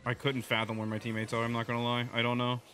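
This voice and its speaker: Bright-voiced excitable young man gaming. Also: mid-range voice, a little hiss or hum. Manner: excitable, bursts into loud yelling at teammates; quick chatty play-by-play, swings between mumbling and shouting. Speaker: gaming video creator. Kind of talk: live gameplay commentary.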